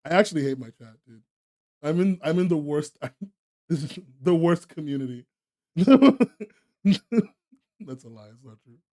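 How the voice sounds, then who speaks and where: High-voiced young man laughing through mock outrage. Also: a little slow, long pauses, mellow. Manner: laughs often, mock outrage, talks to chat. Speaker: streamer. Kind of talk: live stream chat.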